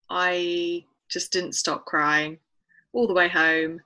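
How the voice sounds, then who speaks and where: Woman in her 30s, lowish bright voice, candid, emotional podcast storytelling. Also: flat delivery, takes it slowly, low-quality recording. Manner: candid, emotional retelling with quoted dialogue. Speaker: guest. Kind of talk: personal storytelling in a podcast interview.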